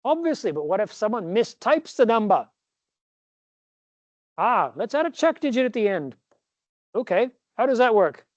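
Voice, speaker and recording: A lecturer voicing an imagined British bookseller in a deliberately exaggerated, put-on British accent. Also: mid-range voice, sing-song, no room sound, lo-fi sound, voice pushed up, close to an everyday voice. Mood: fussy.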